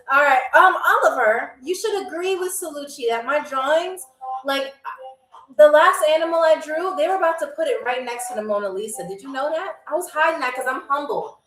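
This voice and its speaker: A woman's voice: high-pitched, expressive, normal speed, fairly bright tone, recorded from a distance. A woman hosting a live game show, playfully teasing viewers and reading out their comments. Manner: repeats words drawn out. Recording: echoey room, a little off-mic, faint music.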